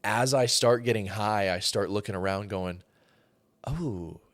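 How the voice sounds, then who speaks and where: A young man from Georgia co-hosting a podcast, telling animated, profane stories in casual chat and acting out what people said. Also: on the low side, normal speed, no echo. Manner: animated, profane, acts out quoted voices. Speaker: podcast co-host.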